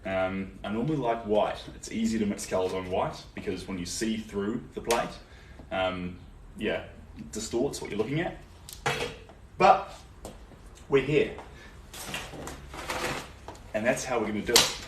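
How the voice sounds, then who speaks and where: A man's voice: lowish voice, measured pace, pauses often. A young man with a New Zealand accent, chatting casually and answering viewers while painting during a live stream. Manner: relaxed and chatty, many ums, answers viewer comments. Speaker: artist livestreaming a painting session. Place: indoor art studio. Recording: roomy echo, distant from the mic, faint background noise.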